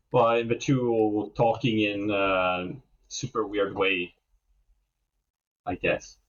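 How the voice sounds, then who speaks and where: A man co-hosts a podcast discussing a book in an easygoing, hesitant way, full of fillers. His lowish voice barely varies in pitch, moves extremely slowly with frequent pauses, and the recording sounds dull and lo-fi.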